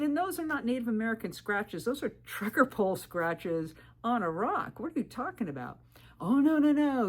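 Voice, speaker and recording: A woman telling her hiking stories to the camera in a vlog, animated and firm, jumping up in pitch when she quotes people. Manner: firm and direct. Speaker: thru-hiker vlogger. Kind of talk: storytelling vlog advice.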